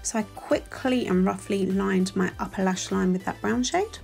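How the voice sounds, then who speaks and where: A woman's voice: medium pitch, normal speed, vocal fry, darkish tone. A woman in her forties with a London accent, talking through a makeup tutorial as a voice-over in a chatty, self-deprecating, gushing way. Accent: London English. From England. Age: 40s. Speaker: beauty vlogger. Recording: faint music underneath.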